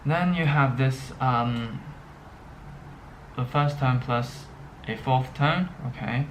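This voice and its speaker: Very slow, halting male teacher. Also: medium pitch, a little hiss or hum, poor audio. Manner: slow and halting, with many pauses and fillers; checks in often with "okay". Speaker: Chinese language teacher. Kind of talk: unscripted language lesson.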